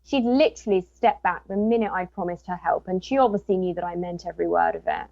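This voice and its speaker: A woman's voice: lowish voice, quick pace, creaky, no echo, dull audio. A woman, a guest and author, telling a personal story in casual talk and acting out what people said. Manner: animated retelling with quoted dialogue.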